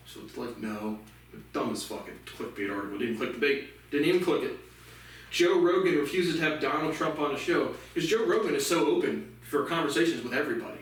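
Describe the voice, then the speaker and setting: A man hosting a casual news commentary, ranting sarcastically and swearing a lot. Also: medium pitch. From United States. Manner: profane, sarcastic ranting with laughs. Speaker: commentary show host. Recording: echoey room, mic far off.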